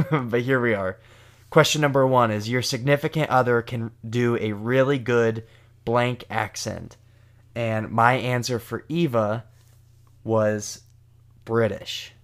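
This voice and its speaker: Taking his time, a young man with a steady, medium-pitched voice chats casually with his partner on their vlog. He jokes, rambles and pokes fun at himself throughout.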